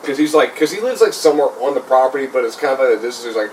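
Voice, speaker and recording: A man's voice: medium pitch, expressive, rapid-fire, darkish tone. A young man hosting a podcast, telling a comedic ghost story in a rambling way full of "like". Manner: rambling, lots of "like". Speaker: podcast host. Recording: slightly distant mic, faint noise.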